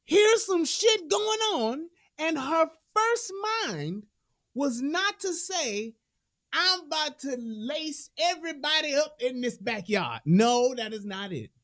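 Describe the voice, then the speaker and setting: A woman in giving a profane, comedic reaction, telling the story with animated asides and laughter. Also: high voice, no room sound, studio quality. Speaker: reaction commentator.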